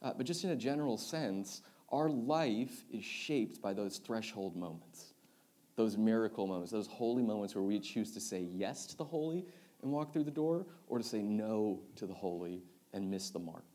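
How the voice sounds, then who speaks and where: Young male youth pastor, sermon storytelling; lively, animated delivery, loud in the funny parts, hushed in the serious ones. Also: lowish voice, normal speed. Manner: animated storyteller, swings loud and excited then quiet and earnest.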